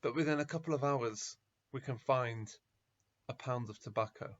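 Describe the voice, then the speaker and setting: A man voicing an old rabbi, speaking quietly and insistently to his disciples, on a dull lo-fi recording. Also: medium pitch, normal speed, natural voice. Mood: tearful.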